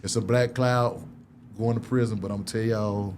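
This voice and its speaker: A middle-aged man, an interview guest telling candid stories, often laughing and acting out quotes in a higher voice. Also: fairly even intonation, moderate pace, background noise. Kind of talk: candid conversational storytelling.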